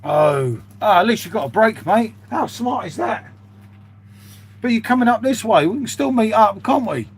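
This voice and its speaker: A British man with a high, husky voice chats casually with his live-stream viewers at a moderate pace. He's animated and rambling as he reads the chat, calling everyone "mate."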